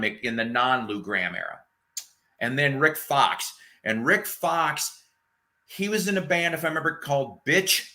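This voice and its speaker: A man's voice: mid-range voice, pushed and bright. A man hosting a casual chat show, rambling enthusiastically about old records and bands and swearing now and then. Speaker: host.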